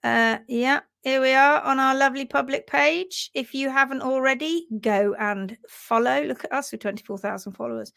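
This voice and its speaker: A woman's voice: high-pitched, normal speed, creaky, hardly any pauses, a bit bright, no room sound. A woman hosting a casual livestream, upbeat and chatty, reading out viewer comments and teaching about hoof care.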